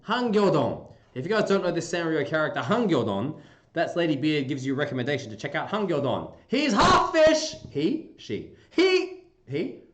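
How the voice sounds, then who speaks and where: A man hosting a casual livestream, chatting playfully with viewers and breaking into goofy squeaky bursts. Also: very animated, brisk. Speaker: livestream host. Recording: roomy echoey room.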